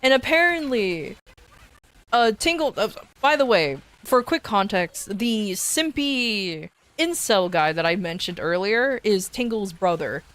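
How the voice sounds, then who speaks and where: A woman's voice: medium pitch, expressive, a little slow, a bit bright. A woman streamer telling a rambling story in a casual chat, swearing and restarting often.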